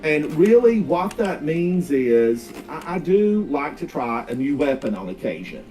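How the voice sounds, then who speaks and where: This North Carolina Smoky Mountains man has a slightly high, darkish Southern voice and is very animated yet measured as he chats through a gaming livestream. He drawls, rambles, and drifts into folksy asides, with soft background music, faint noise, and a distant mic.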